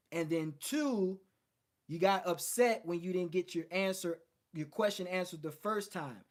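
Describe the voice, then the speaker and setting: A man hosting a livestream, lecturing his viewers bluntly and swearing often. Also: high-pitched. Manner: mocks others in put-on voices. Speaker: host. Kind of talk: livestream coaching talk.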